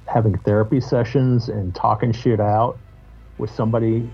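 A man with a low, husky voice talks as a podcast guest, candid and reflective, cursing casually as he opens up. The sound is muffled and lo-fi. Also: little pitch movement, normal speed, soft background music. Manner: candid, reflective, loose and swearing. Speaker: guest musician. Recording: muffled lo-fi audio.

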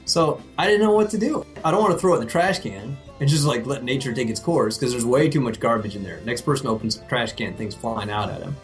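A man co-hosting a podcast, telling a story in a casual, comedic way, animated and profane, laughing at himself. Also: medium pitch, quick pace, hardly any pauses, soft background music. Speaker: podcast co-host.

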